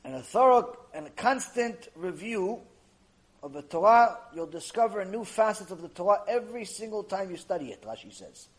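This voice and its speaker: A man's voice: high-pitched, normal speed, low-quality recording. A man giving a Torah lecture as a rabbi, telling stories animatedly, often repeating himself. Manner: animated, repetitive, acts out the people in his stories.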